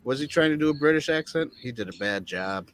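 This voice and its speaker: A man's voice: fairly high pitch, lively intonation, a little fast. A man on a movie review panel, chatting casually in a rambling, hesitant way full of fillers. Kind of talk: casual chat. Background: crickets chirping.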